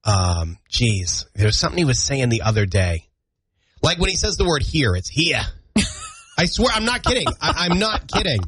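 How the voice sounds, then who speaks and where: Chatty radio host with a husky voice. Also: male voice, medium pitch, moderate pace, no room sound. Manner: chatty, self-deprecating, animated storytelling. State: congested from allergies, clearing throat. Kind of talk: casual on-air banter. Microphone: studio broadcast mic.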